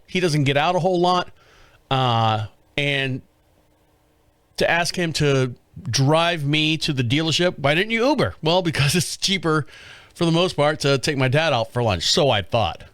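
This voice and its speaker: A man's voice: on the high side, normal speed, clean tone, no echo. Rambling man telling a story. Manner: rambling, animated, many restarts and chuckles. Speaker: podcast host. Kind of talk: casual storytelling monologue.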